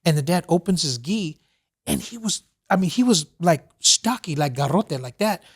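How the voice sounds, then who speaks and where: A man's voice: a little high, animated, normal speed, slightly rough. A man hosting a podcast, telling long rambling stories in casual chat and filling them with "you know" and "whatever". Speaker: podcast host.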